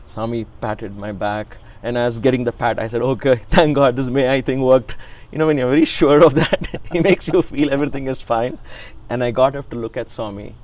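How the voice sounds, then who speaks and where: A man's voice: mid-range voice, fairly quick. Man in his sixties, interviewee, earnest, reverent, reflective storytelling. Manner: earnest, reverent, frequent restarts and soft laughs.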